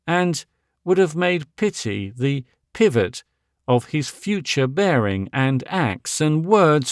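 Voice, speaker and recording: A man narrating a Victorian novel as an audiobook, measured and dramatic. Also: on the high side, no echo, clean studio sound.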